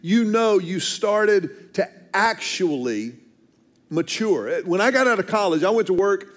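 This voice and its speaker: High-voiced pastor preaching. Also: male voice, animated. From Texas, USA. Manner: earnest and self-deprecating, stammers on restarts, slows for emphasis. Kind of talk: storytelling sermon.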